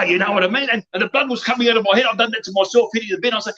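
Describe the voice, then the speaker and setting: Australian man, rambling unhinged rant, high pitched and bright, lo-fi call sound. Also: rapid-fire, hardly any pauses. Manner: loud, boastful, laughing, slangy. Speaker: guest, wrestling promoter. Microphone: video call.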